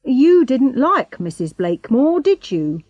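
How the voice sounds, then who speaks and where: A woman's voice: high-pitched, big pitch swings, unhurried, a little mellow, dry recording, pitched above the performer's own voice, heavily acted. A woman voicing a stern male police inspector who questions suspects with pointed tag questions. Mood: pressing.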